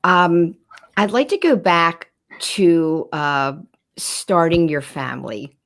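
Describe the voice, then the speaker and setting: A woman hosting a podcast, asking her guest questions in an unhurried, gentle way with a few fillers. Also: on the low side. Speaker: podcast host. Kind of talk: interview questions.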